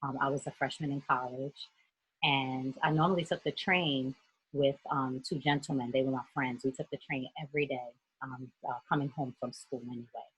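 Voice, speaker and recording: Over a video call, a youth mentor from New York tells a group a personal story in an earnest, steady manner. Her voice is deep and heavily husky, she speaks at normal speed, and the audio is poor.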